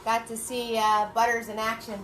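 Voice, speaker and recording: A woman's voice: a little high, flat delivery, moderate pace, music in the background, poor audio. A woman hosting a livestream painting class, chatting with viewers and greeting them by name. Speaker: paint party instructor.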